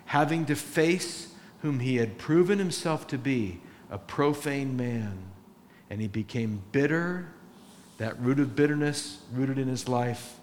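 A man's voice: medium pitch, a little hiss or hum. A man preaching a sermon as pastor, earnest and rising into emphatic exhortation.

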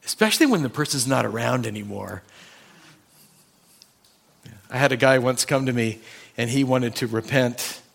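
A man's voice: medium pitch, expressive, normal speed, vocal fry, pauses often, a bit bright. A male pastor preaching a sermon, talking conversationally and addressing the congregation directly with personal stories.

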